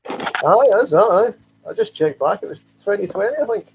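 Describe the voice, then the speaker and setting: A man's voice: high-pitched, lively intonation, moderate pace, heavy background noise. Scottish male guest, laconic, heard over a dull remote line. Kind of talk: casual chat.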